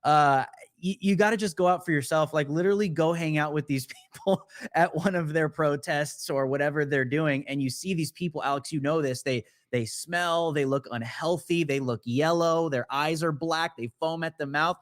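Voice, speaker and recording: A man speaking as a talk show guest, emphatic and quick to agree and tell his own stories. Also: a little high. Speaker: guest commentator.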